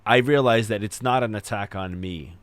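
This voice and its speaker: A man hosting a relaxed podcast chat, earnest and reflective, often doubling his words to drive a point home. His voice sits on the low side and the sound is close and dry. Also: normal speed, no echo. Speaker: podcast host. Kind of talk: casual podcast conversation.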